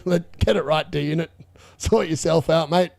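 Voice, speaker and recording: A young man hosting a live fantasy football watchalong, excitable and gloating, laughing often and repeating himself. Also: on the high side, normal speed, gravelly. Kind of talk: live stream commentary.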